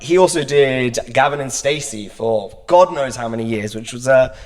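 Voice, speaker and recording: A man's voice: mid-range voice, normal speed, big-room sound. A young man from the United Kingdom chatting casually about acting. He rambles with many "like" fillers and laughs often. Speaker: actor and acting student. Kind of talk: casual round-table chat.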